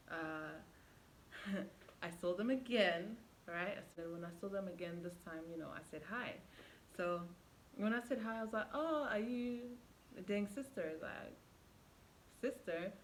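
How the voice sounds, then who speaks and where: A woman's voice: on the low side, a little hiss or hum, poor audio. A young woman vlogger retelling a past relationship as a casual story, acting out quoted lines with lots of fillers. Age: young adult. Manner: animated retelling with quoted dialogue, many fillers. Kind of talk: storytime vlog.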